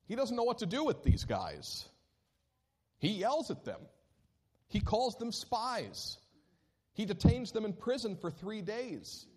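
A man preaching a sermon as pastor, telling a scripture story with animated delivery and acted-out moments. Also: a little high. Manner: animated storytelling, acting out scenes.

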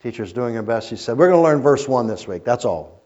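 A man preaching a sermon as a pastor, telling stories and swinging between loud emphasis and quiet asides. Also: mid-range voice, lively intonation, fairly quick. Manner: storytelling preacher, rising and falling in intensity. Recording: muffled lo-fi recording.

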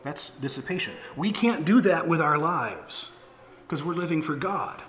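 A middle-aged man preaches a sermon from the pulpit, talking plainly to the congregation with fillers and false starts. His voice sits a bit high for a man. The sound is echoey and roomy, with a long church reverb. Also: animated, normal speed, fairly bright tone, slight background noise. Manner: conversational preaching with fillers and restarts. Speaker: pastor. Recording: echoey hall with faint ambience.

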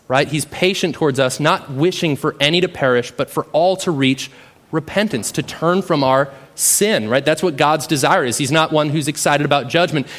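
A man's voice: a little high, a bit bright. A man preaching a sermon in a conversational way, often adding "right?" and reading scripture aloud with rising emphasis. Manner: conversational, often adds "right?" as a tag question. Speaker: pastor.

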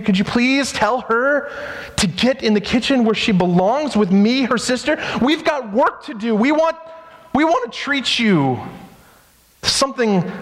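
A man's voice: extremely high pitch, fairly bright tone, pitched above the performer's own voice, exaggerated voice. A man voicing a flustered, overworked woman hostess who pleads in an exasperated, breathless way. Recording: long hall reverb.

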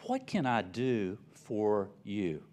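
A calm teacher who speaks softly and kindly, in a low, hushed tone with slow, unhurried words. A man voices him in a sermon. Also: full character voice. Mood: gentle. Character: Jesus, a calm male teacher.

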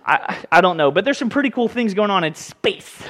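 A man preaching a sermon as pastor, lively, often acting out the voices of people in the story. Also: high-pitched, brisk. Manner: animated, acts out voices in the story. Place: church sanctuary. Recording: hall reverb.

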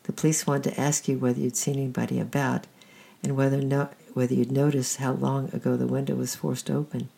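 A storyteller reading the lines of a kind grown man who speaks gently and reassuringly, in a creaky, husky voice. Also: mid-range voice, flat delivery, brisk.

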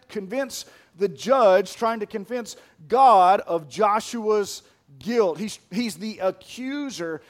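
A male pastor delivers an emphatic sermon in a high voice for a man. He drives his points home by repeating key lines.

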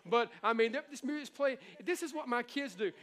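A middle-aged man delivers a sermon with a notably high-pitched voice. His preaching is animated and conversational. He slips easily into playful impressions to make his points. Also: a little fast. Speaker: pastor.

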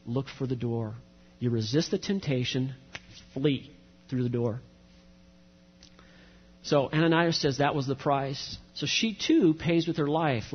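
A man's voice: medium pitch, a little hiss or hum. A middle-aged man preaching a sermon as pastor, earnest and direct, mixing scripture reading with personal stories. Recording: dull recording with long hall reverb.

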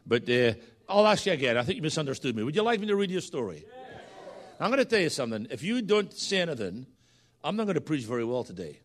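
A man's voice: fairly high pitch, very animated, fast talker. A Scottish man preaching as a guest in a church, joking with the congregation and calling for responses. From Scotland. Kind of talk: sermon.

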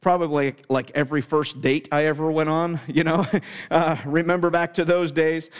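A middle-aged man from Pennsylvania, a pastor delivering a sermon through an animated, self-mocking story. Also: a little high, moderate pace, smooth, long reverb tail.

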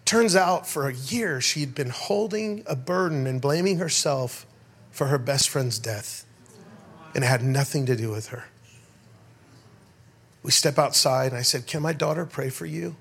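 A middle-aged pastor giving a sermon, telling stories in an animated way and calling out to his congregation. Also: medium pitch, a little slow, long pauses, slightly rough. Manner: animated storyteller, rhetorical calls to the crowd. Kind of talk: sermon with storytelling.

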